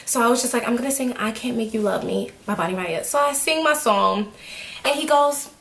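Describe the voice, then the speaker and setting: A woman's voice: a little high, moderate pace. A young woman vlogger casually telling a story, acting out what people said and laughing often. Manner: animated, acts out quotes, laughs often. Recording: echoey room.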